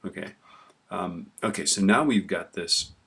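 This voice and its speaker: Low-voiced man walking through a spreadsheet. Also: a little slow, vocal fry, fairly bright tone, breathy edge. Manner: casual, talks while typing, often tags "right?". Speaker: teacher. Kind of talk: screen-recorded spreadsheet tutorial. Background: keyboard clicks and typing.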